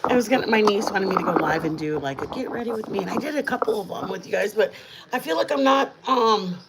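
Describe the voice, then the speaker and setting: A middle-aged woman chats with her viewers from her home kitchen while she cooks. Her talk is rambling and warm, at a middle pitch. A faint background hum sits under her voice. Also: animated, fast. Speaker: channel host. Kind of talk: casual chat while cooking, live stream.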